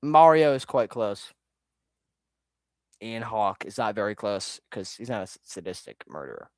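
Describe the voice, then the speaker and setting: A man's voice: lowish voice, sing-song, moderate pace, no room sound, studio quality. A man chatting casually on a live stream while ranking his own videos, rambling, easily sidetracked and swearing often.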